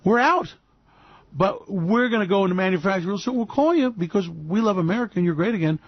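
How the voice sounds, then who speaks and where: A man's voice: high voice, very animated, quick pace, dry recording, voice pushed up, full character voice. A man voicing a sly overseas parts supplier who apologizes with false sweetness. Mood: mock-sorry. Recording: dull lo-fi dry recording.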